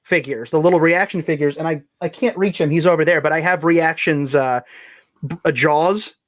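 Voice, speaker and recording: Chatty man, slightly high voice, dry sound. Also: normal speed, no echo. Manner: jokey, rambling, lots of restarts. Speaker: podcast guest. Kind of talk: casual film discussion.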